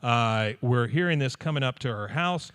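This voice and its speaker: A man co-hosting a podcast live, retelling a cartoon episode in an animated way and dropping into quick character voices. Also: mid-range voice, clear, resonant tone. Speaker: podcast co-host. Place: live show venue.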